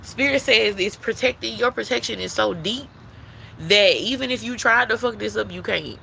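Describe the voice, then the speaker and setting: Woman card reader, gravelly and sharp-toned, emphatic and repetitive, swears casually, soothes the listener as baby. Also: mid-range voice, normal speed, a little hiss or hum, low-quality recording. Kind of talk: spiritual tarot reading.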